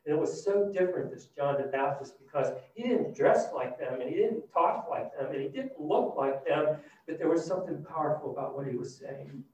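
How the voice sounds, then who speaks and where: A man preaching a sermon, retelling a scripture story with animated, dramatic shifts between loud and hushed delivery. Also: a little high. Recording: distant, dull and very echoey.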